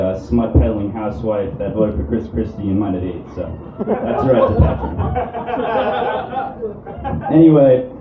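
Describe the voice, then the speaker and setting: A young man from the New doing a stand-up set in a comedy club, deadpan and halting, with many ums and restarts. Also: medium pitch, narrow, tinny audio. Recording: roomy club audio from a distant mic with room noise.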